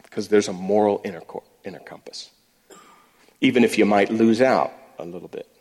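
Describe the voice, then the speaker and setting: Low-voiced man preaching in an echoey hall. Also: a little fast, darkish tone, husky. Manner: storytelling, restarts and repeats words. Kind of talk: sermon-style talk. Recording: long echoey hall reverb.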